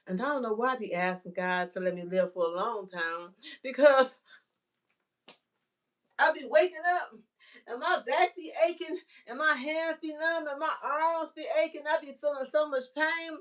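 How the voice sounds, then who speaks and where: A woman's voice: sits high, normal speed. Chatty woman musing on faith. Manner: rambling, searching for words, frequent "you know" and "right?"; homespun, chatty, addresses viewer directly. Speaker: vlogger. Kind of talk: casual faith musing to viewers.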